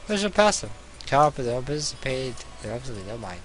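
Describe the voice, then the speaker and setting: A young man hosting a let's play, reading a visual novel aloud and joking between passages in an animated way. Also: medium pitch, racing, soft background music. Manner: animated, jumping between narration and jokes.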